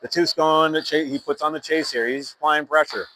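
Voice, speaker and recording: A man's voice: on the high side, fairly even intonation, fairly quick, pushed and bright, rough recording. A man calling youth hockey play-by-play in a casual, rambling way, with fillers, self-corrections and sponsor plugs. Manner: reads sponsor plugs between plays. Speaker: play-by-play announcer. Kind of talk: amateur youth hockey commentary.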